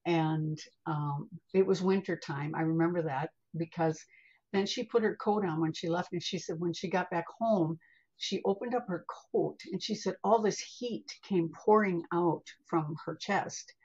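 An older American woman with a husky, breathy, fairly low voice tells a personal story as a podcast guest. She is chatty and animated, dropping in a casual "honey." The recording sounds a little dull and lo-fi. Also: measured pace. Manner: chatty, calls the listener honey; animated, vivid retelling with acted asides. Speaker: podcast guest, spiritual healer.

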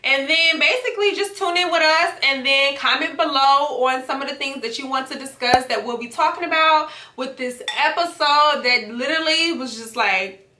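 A woman's voice: high voice, normal speed, sharp tone, reverberant, a little hiss or hum. A woman hosting a casual reaction chat at home, chatty and slangy, laughing often as she talks. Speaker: YouTube reaction host. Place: home setup with hookah and wine.

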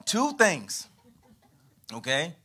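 Animated man preaching a sermon. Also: drawn-out words, husky. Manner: animated preaching with sweeping pitch and volume. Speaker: pastor. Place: church.

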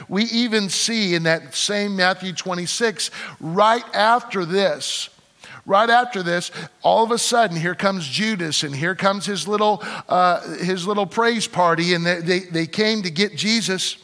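A male pastor preaching a sermon in an animated, conversational way, repeating his phrases for emphasis. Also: high-pitched, unhurried, in a large hall. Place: church sanctuary.

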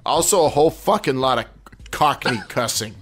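A man's voice: mid-range voice, lively intonation, normal speed, fairly bright tone, soft background music. A man hosting a wrestling podcast, chatting casually in a rambling way, with restarts and laughing asides. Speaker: podcast host. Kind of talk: casual chat.

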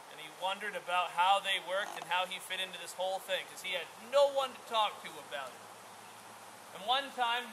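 A man who is a camp instructor, telling a traditional story outdoors in a lively, conversational way. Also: high-pitched, noisy background. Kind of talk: oral storytelling.

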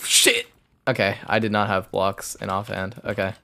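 A man's voice: lowish voice, little pitch movement, moderate pace, creaky, bright, forceful tone. A young man streaming a game, muttering a loose running commentary to himself as he plays. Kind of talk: live gameplay commentary.

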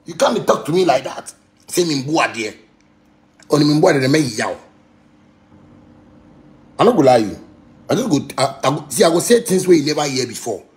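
A Ghanaian man ranting on a casual livestream, animated, with sharp swings from low mutters to loud outbursts. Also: normal speed, pauses often. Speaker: musician on a livestream.

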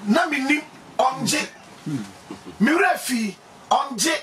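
A man with a Ghanaian accent preaching emphatically, laughing often and breaking into shouts. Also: extremely high pitch, expressive, extremely slow, distant mic, heavy background noise. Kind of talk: animated preaching.

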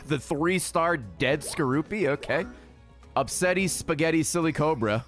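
A man streaming a game, excitable and swearing freely as he yells at the creatures on screen. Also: fairly high pitch, measured pace, faint music behind. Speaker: gaming streamer. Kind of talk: casual let's-play commentary.

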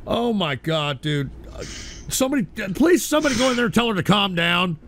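A man hosting a live stream, reacting with loud, mocking shouts of fake concern. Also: high voice, big pitch swings, a little fast, slight background noise. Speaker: streamer host.

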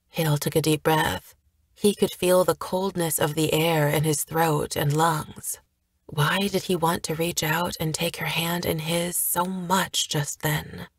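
A woman narrating an audiobook in a measured, even storytelling manner. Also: low-pitched, breathy edge, no room sound, studio quality. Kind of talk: scripted narration.

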